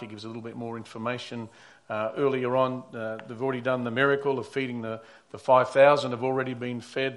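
Man, pastor, conversational sermon, loud emphatic lines, quiet asides. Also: medium pitch.

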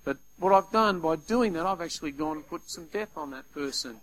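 Animated man preaching. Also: fairly high pitch, fairly quick, rough recording. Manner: animated, acts out little scenes in quoted voices. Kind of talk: sermon.

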